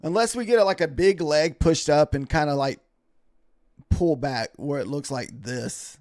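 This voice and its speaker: A man's voice: a little high, a little slow, no echo. Tired male streamer talking through his trades, casual and rambling, dry close mic. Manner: relaxed, rambling, thanks followers by name. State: tired, yawning. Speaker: livestream futures trader. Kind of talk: casual live-stream commentary.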